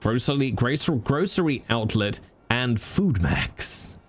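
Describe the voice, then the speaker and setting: A man's voice: mid-range voice, expressive, takes it slowly. A British man who streams, talking with his viewers in a chatty, joking way. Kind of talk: casual chat with viewers.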